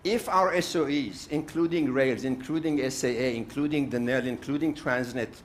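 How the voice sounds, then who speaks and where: With slight noise behind him, an older man from South Africa gives a forceful summit panel speech, hammering home his points through repetition. He speaks in a mid-range voice at normal speed.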